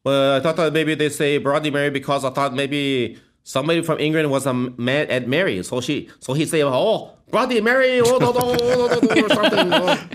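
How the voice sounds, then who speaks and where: A man playing a stubborn old holdout soldier from a remote island, answering in a bemused, slow-witted way on a comedy talk show. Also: on the high side, a bit bright, close to an everyday voice. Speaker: guest. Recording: noisy recording.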